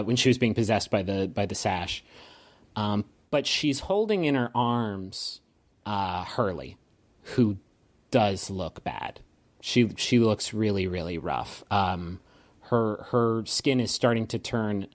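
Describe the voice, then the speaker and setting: A man narrating scenes as game master of a tabletop game, with many ums and uhs. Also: lowish voice.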